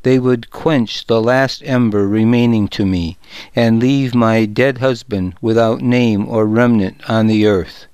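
Man narrating a grieving widow, deferential and pleading, smooth slow storybook read. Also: mid-range voice, steady tone, a little mellow, no echo, close to an everyday voice. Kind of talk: audiobook narration.

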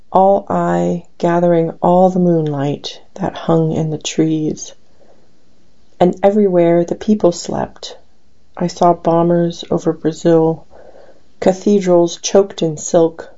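A woman giving a poetry reading of her own poems, with a slow, deliberate and dramatic delivery. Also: fairly low pitch, gravelly, dark tone. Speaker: poet. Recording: dull lo-fi recording.

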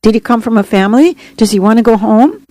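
A woman reading aloud, voicing excited little boys who fire eager questions. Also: on the high side, fast talker, voice pushed up, lightly acted. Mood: curious.

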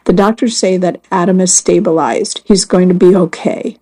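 A woman's voice: fairly low pitch, steady tone, moderate pace, mellow, close to an everyday voice, rough recording. A woman narrator voicing a husband who urgently and reassuringly tells his wife on the phone that their son will recover. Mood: relieved.

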